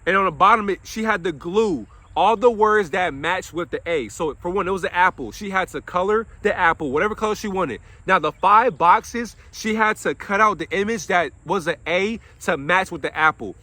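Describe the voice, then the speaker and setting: Here the young after-school counselor speaks in a high, pushed, bright voice at a moderate pace with few pauses, and the recording has no room sound. His impassioned monologue mixes preaching with swearing as he vents, answering his own questions.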